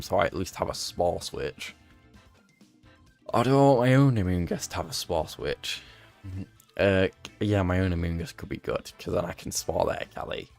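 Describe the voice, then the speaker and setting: A young man with a deep, low voice chats loosely to his stream audience, wandering between asides and jokes at his own expense. His voice is prone to cracking, and faint music plays underneath. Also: vocal fry. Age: young adult. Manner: rambling, self-mocking, quick asides to chat. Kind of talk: casual gaming stream chat.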